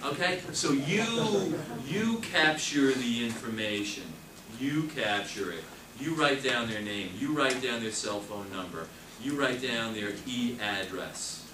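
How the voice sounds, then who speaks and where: A man's voice: medium pitch, animated, slow pace, a crowd in the background. A man teaching a real estate sales class, emphatic and repeating his key points as he coaches. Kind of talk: classroom training talk. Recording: echoey room, mic far off, noisy.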